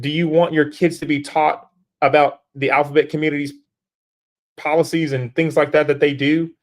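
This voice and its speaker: Urgent preachy man. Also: on the high side. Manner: urgent, preachy, repetitive restarts, rhetorical questions. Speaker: livestream host. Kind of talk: live-stream political exhortation. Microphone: streaming setup.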